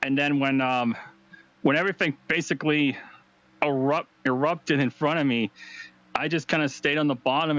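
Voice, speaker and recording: Excited man, winning sim racer. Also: medium pitch, poor audio. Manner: excited, rambling with fillers. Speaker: race winner. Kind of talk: post-race interview.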